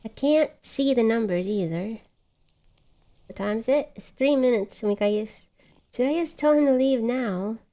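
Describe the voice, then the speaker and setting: A woman's voice: a little high, moderate pace, mellow. A woman streaming a video game live, chatting casually and mocking herself as she gets lost. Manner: chatty, self-mocking, exclamatory. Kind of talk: casual live gameplay chat.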